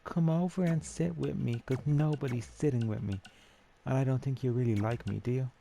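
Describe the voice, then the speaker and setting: Man putting on a shrill paranoid young woman. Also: steady tone, normal speed, gravelly, dark tone, slight background noise, lightly acted. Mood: pleading.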